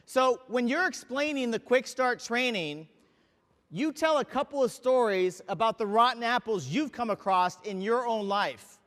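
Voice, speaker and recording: Male sales trainer with a very high voice, emphatic, quizzing the audience, reverberant hall. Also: fairly bright tone. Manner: emphatic, asks the audience questions. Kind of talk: motivational training talk.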